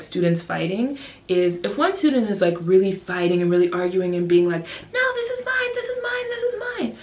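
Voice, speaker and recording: Talking to camera in a casual vlog, this English teacher in her twenties is animated, repeatedly putting on high, lively voices to play her kids, teachers and herself. The camera's built-in mic picks up a roomy echo.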